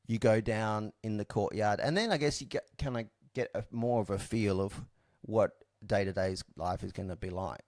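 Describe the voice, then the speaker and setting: A man's voice: on the low side, a little mellow, dry recording, studio quality. A man in young adulthood, frankly and reflectively telling his story in casual talk, with many fillers and restarts. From Australia.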